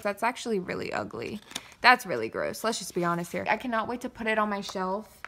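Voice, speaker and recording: A young woman, vlogging an excited unboxing reaction, giddy and exaggerated, mumbling one moment and squealing the next. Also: mid-range voice, a little fast, slight background noise. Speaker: K-pop fan vlogger.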